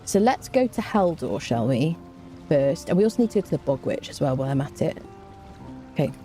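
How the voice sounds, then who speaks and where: Woman streamer, low and warm, casual live game talk with faint music behind. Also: fairly quick. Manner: chatty and relaxed, many fillers and restarts. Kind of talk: live gameplay commentary, reading chat.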